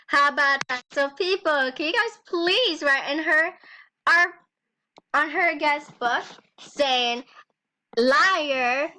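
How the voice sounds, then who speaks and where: A woman's voice: high voice, bright, forceful tone. A teenage girl ranting angrily in a vlog, swearing and breaking into nervous laughs. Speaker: vlogger. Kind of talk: angry rant vlog.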